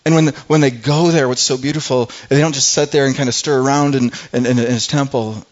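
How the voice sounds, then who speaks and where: A man's voice: mid-range voice, steady tone, brisk, lo-fi sound. A man preaching a sermon in an earnest, conversational way, often restarting his phrases. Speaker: pastor.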